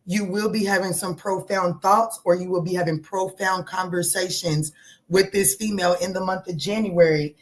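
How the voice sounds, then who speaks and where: A woman giving a casual tarot reading, talking in a chatty, animated way, swearing and joking with her viewers. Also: on the low side, normal speed. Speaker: tarot reader.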